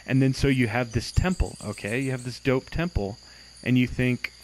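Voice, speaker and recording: A man's voice: mid-range voice, moderate pace, a little hiss or hum, poor audio. A young man giving casual, exasperated commentary on a game he is playing, swearing and mocking its glitches. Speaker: gameplay commentator.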